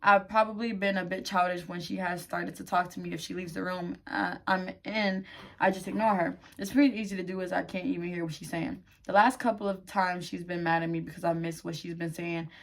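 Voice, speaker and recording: A woman creator reading online posts aloud in a quieter voice, then cutting in with blunt, profane outbursts. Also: lowish voice, little pitch movement, brisk.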